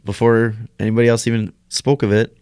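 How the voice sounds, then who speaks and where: A man's voice: medium pitch, flat delivery, a little fast, a little mellow, smooth, no echo, studio quality. A man co-hosting a casual sports podcast, teasing the others and laughing easily. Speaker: podcast co-host.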